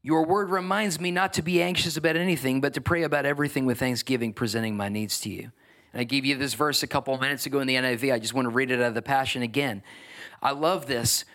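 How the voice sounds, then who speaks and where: A man preaching a sermon, building to emphatic, energetic exhortation. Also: medium pitch, fast. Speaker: pastor.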